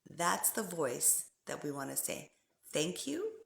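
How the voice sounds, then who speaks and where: A woman spiritual coach giving an emphatic, animated pep talk that swings between loud stresses and hushed asides. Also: sits low, takes it slowly, gravelly, roomy sound, slight background noise.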